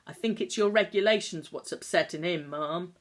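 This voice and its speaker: A woman doing a gruff, plain-spoken old countryman. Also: lowish voice, moderate pace, lightly acted. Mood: firm. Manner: blunt, plain-spoken, rustic turns of phrase. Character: gruff elderly countryman, steady and protective.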